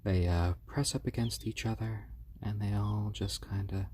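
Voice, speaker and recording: A man hosting a casual live stream, talking softly and fondly to baby chicks, with relaxed, halting speech full of fillers. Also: on the low side, a little hiss or hum. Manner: soft, fond cooing to baby birds. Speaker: live-stream host showing pet chicks.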